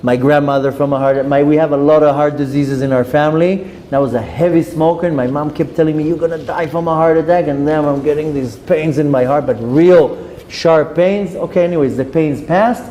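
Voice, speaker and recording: A man telling a personal story, animated and acting out the dialogue in different voices. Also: fairly high pitch, a little fast. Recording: echoey hall with faint noise.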